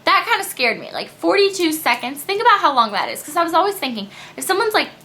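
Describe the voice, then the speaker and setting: Young female vlogger, high crisp voice, casual storytelling to camera, lively asides. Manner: chatty and animated, quick asides and quoted voices. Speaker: beauty vlogger.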